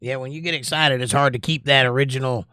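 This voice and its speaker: A man's voice: mid-range voice, fairly even intonation, fast, sharp tone, clear, resonant tone, dry recording. Dry-voiced Georgia man hosting a chat stream. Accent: Georgia (US Southern), mostly suppressed. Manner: reads chat aloud in a lifted voice, then muses analytically. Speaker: livestream host reading chat. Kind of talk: casual chat.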